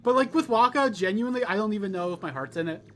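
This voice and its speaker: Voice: medium pitch, fast talker, slight background noise. A co-host with a New Jersey accent, coaching a new player and joking insistently. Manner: animated, loudly insistent jokes. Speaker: co-host of a game stream. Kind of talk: casual gaming chat.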